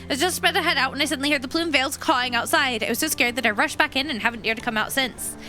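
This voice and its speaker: A woman's voice: high voice, very fast, bright, forceful tone, soft background music. A woman reading a timid young villager spirit in a game, nervous and plain. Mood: worried.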